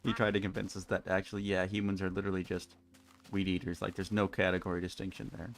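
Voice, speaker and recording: A man's voice: deep voice, little pitch movement, quick pace. A young man rambling wryly through casual live-stream chat while playing a game, with many restarts. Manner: rambling, wry, frequent restarts. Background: faint music.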